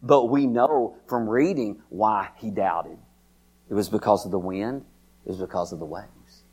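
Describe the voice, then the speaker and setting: A man's voice: a little slow, husky. Folksy preacher man, repetitive. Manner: folksy, repeats words, rises to high excited pitch when preaching; addresses listeners by name. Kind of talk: sermon.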